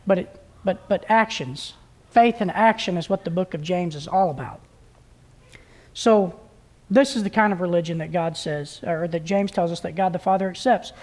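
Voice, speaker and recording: A woman's voice: medium pitch, darkish tone. A woman preaching a conversational sermon at a church service, plain-spoken and folksy, often restarting her sentences.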